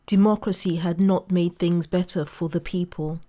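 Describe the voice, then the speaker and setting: A woman narrating a short story in an even, measured manner. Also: lowish voice. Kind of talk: reading a short story aloud.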